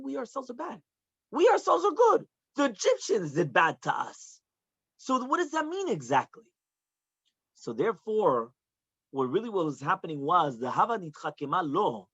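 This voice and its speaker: Rabbi giving a sermon, dull recording. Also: male voice, high voice, fairly bright tone, no room sound. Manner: explains Hebrew phrases in English, asks listeners "yeah?". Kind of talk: sermon with storytelling. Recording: dull, dry close recording.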